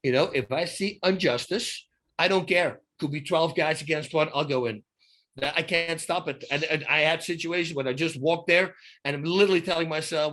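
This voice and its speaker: A man's voice: fairly high pitch, a little fast. A middle-aged man from the Netherlands, telling stories in a casual interview and acting out the dialogue, with many restarts. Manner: animated storyteller who acts out dialogue, many restarts. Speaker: guest.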